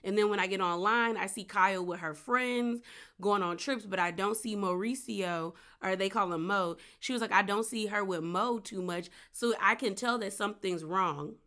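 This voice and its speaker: A woman's voice: medium pitch, moderate pace, pushed and bright. A woman recapping a reality show in a chatty, gossipy way, full of "girl" and "like" asides. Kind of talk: casual recap commentary.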